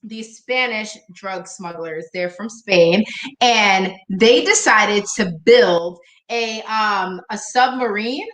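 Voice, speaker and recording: A woman's voice: medium pitch, takes it slowly, fairly bright tone. A woman hosting a casual live chat show, outspoken and exclaiming, laughing often. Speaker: show host. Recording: echoey room.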